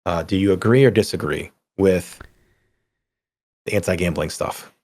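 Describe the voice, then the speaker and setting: Gravelly, low-voiced middle-aged man ranting. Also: moderate pace, no echo, studio quality. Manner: animated, ranting, swears casually. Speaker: podcast co-host. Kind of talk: casual gaming podcast chat.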